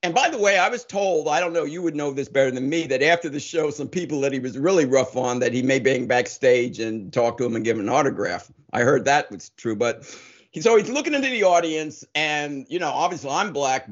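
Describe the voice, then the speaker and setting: Hesitant male interview host. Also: fairly high pitch. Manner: hesitant, repeats words when starting sentences. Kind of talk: casual interview chat. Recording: dull lo-fi audio.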